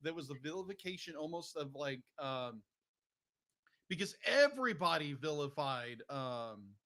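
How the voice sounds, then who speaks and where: A man's voice: on the high side, lively intonation, measured pace, bright, forceful tone. A man hosting a casual film discussion podcast, rambling and restarting his sentences. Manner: rambling, restarts often, keeps saying "be like". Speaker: podcast host.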